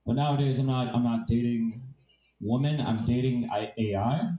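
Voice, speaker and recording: A man's voice: medium pitch, steady tone, normal speed, dark tone, roomy sound, dull audio. A man doing stand-up comedy, telling rambling, profane, self-mocking stories.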